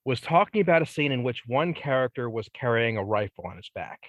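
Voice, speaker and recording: A man, an independent filmmaker on a podcast, talks in a thoughtful, measured way. His voice sits at an ordinary middle pitch. The recording is dry and close, with no room sound. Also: very animated, no room sound, dull audio. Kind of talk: casual chat.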